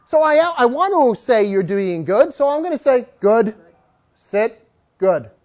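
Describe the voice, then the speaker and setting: A woman's voice: high voice, very animated, moderate pace, darkish tone. A woman dog trainer teaching a live class, telling stories, acting out dogs and owners, and coaxing the group to repeat words after her.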